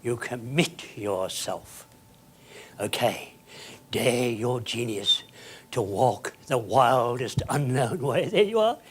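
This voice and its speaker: A man's voice: medium pitch, expressive, takes it slowly, husky. A man giving a theatrical motivational keynote, emphatic and dropping at times to a whisper. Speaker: keynote speaker. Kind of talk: motivational speech.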